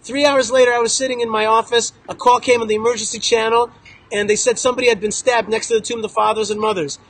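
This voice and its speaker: A man stands outdoors in front of a visiting group and tells stories in an emphatic, joking way, hammering his points with repetition. His voice sits very high and has a husky edge. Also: level tone, quick pace, a bit bright, rough recording. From Israel. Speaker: local spokesman speaking to a visiting group. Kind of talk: animated storytelling talk to a group. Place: outdoors in a town.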